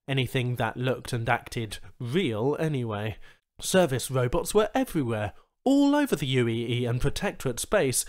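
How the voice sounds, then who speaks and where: Baffled, irritable human trader, voiced by the narrator, agitated and animated. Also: male voice, medium pitch. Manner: agitated questioning.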